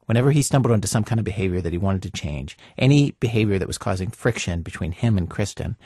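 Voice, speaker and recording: A man hosting a radio story, narrating and interviewing in a conversational, lively way. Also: fairly low pitch, quick pace, dry recording, studio quality. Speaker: radio host.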